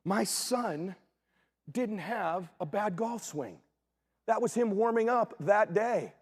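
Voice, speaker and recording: A middle-aged man giving a motivational keynote as a story, acting out dialogue in punchy short sentences with casual swearing and sudden shouts. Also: high voice, slow, husky. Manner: animated, acts out dialogue, bursts into shouts. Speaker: motivational speaker. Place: conference stage before an audience.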